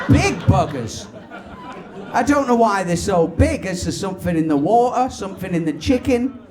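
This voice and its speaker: Animated stand-up comedian, crowd laughing. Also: male voice, sits high. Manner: animated, swearing, chatty. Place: comedy club stage. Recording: live club with crowd laughter.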